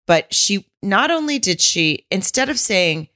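A woman's voice: medium pitch, big pitch swings, measured pace, bright, forceful tone. A woman co-hosting a podcast, chatting casually and acting out quotes with some swearing. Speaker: podcast co-host. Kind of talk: casual chat recapping a reality show.

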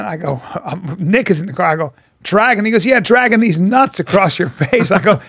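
A man's voice: sits high, brisk, no room sound, studio quality. A man co-hosting a podcast in casual banter, telling profane stories and acting out what people said. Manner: profane, animated storyteller who acts out quotes. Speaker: podcast co-host.

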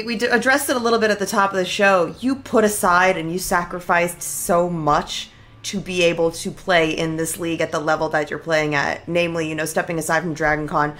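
A woman's voice: fairly low pitch, brisk, fairly bright tone. A woman hosting a post-match interview, upbeat and playful, laughing along. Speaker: show host.

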